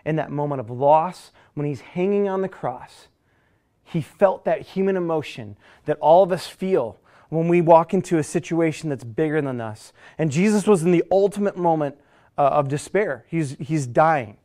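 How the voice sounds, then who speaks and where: Male pastor, middle-aged, slightly high voice; casual sermon delivery that swings between quiet and loud. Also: normal speed. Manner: conversational preacher, dynamic swings from hushed to loud.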